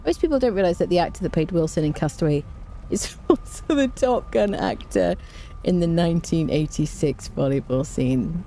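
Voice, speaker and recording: A woman's voice: fairly low pitch, animated, moderate pace, dark tone, slight background noise. A woman chatting casually on a game stream, reading viewer messages aloud and laughing often. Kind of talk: casual live-stream chat while gaming.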